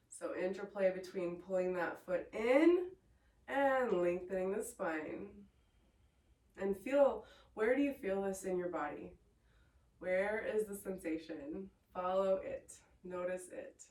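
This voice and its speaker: A woman leads a yoga class with steady, encouraging cues and the odd playful aside. Her voice sits at a middle pitch. It sounds roomy and echoing, picked up from some distance away from the microphone. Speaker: yoga teacher. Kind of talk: guided yoga class instruction. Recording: echoey room, voice from a distance.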